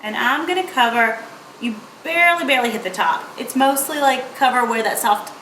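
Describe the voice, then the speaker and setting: Young woman, playful makeup tutorial chat, bright voice, roomy echo. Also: a little high, fairly quick, a little hiss or hum. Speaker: beauty vlogger. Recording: echoey room.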